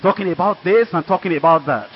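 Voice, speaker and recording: An older Nigerian man tells his testimony from the pulpit, earnest and emphatic. His voice sits high for a man. The recording is dull and lo-fi. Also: quick pace, a little hiss or hum. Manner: earnest storytelling with emphatic asides. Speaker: preacher. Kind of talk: sermon testimony.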